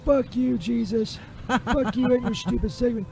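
A cranky, foul-mouthed man stuck in a wheelchair, played by a man in a live radio comedy bit. He swears and yells in a very high, shrill voice with a soft, mellow tone. He sounds exasperated and short-tempered the whole time. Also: normal speed, creaky, soft background music. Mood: furious. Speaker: radio show sidekick.

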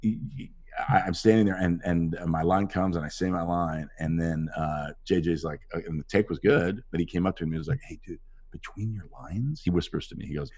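A man with a very low, deep voice tells animated stories from a film set in a relaxed interview. He acts out other people's lines as he goes, and his pitch swings widely through the telling. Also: moderate pace. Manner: animated anecdotes with acted-out quotes. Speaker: actor guest. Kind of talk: casual interview storytelling.

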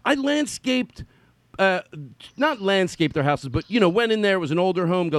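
A man's voice: sits high, normal speed, no room sound. A middle-aged man hosting a casual chat, telling old stories and acting out quotes. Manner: animated storyteller, acts out quotes. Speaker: podcast host.

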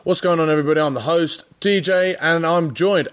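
A man's voice: on the high side, fairly quick, few pauses, clean tone. Teasing, rambling male podcast host. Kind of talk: casual podcast chat.

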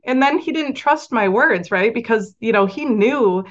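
A woman's voice: on the high side, animated, normal speed, muffled recording. A woman who works as a mindset coach for parents, talking in a chatty, reflective way with many fillers. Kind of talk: casual interview conversation.

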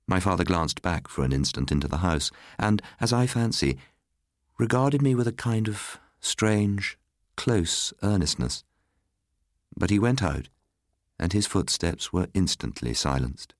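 Man, ghost story narration, very deep voice, measured, melancholy, dry close sound. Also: sing-song, dry recording. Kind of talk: scripted ghost story reading.

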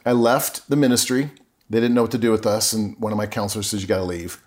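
A middle-aged man speaking as a podcast guest at an ordinary mid-range pitch. He tells his story earnestly and with plain emotion, often stopping to restart a sentence. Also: fairly even intonation, fast talker, darkish tone. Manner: earnest and emotional, with frequent self-corrections. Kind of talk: candid personal storytelling.

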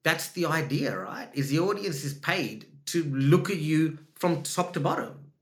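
A man with an Australian accent, an actor telling his story in a candid interview, animated and emphatic, acting out his own thoughts. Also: on the high side, unhurried. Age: adult with young children. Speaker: actor and podcast guest. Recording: roomy echo.

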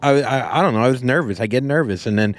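A man's voice: mid-range voice, animated, quick pace. A man in his thirties co-hosting a podcast in casual chat. He jokes crudely and talks in a slightly nervous way. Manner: joking, crude, a bit nervous. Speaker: podcast co-host.

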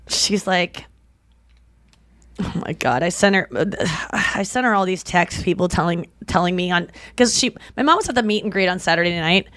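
A woman's voice: mid-range voice, fairly bright tone, dry recording, clean studio sound. A woman co-hosting a podcast, chatting casually and telling stories, acting out the people she quotes. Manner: chatty storyteller who acts out quoted people. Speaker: podcast co-host. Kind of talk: casual chat.

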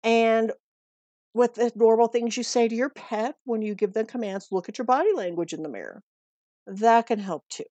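Recorded lo-fi with no room sound, this middle-aged woman from the United States speaks a little high and mellow at a moderate pace. She shares pet and dog-walking advice casually, earnest and chatty, frequently circling back to the same points.

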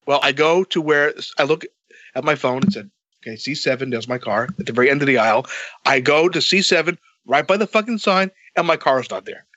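A man telling a long story in a casual, animated way, swearing a lot and acting out both sides of the dialogue. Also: on the high side, a little fast, no echo, lo-fi sound.

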